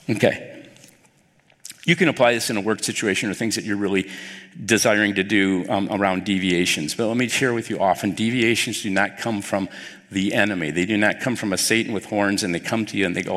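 A male pastor preaching a sermon, telling the story with animated, acted-out dialogue. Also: fairly low pitch, fairly quick. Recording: long hall reverb.

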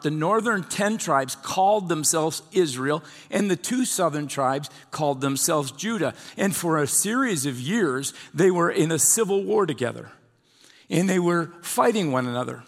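A man with a fairly high voice preaches a sermon, retelling an old scripture story in a loose, conversational way. His voice rings out with a long hall reverb, as in a church sanctuary. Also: gravelly. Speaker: pastor.

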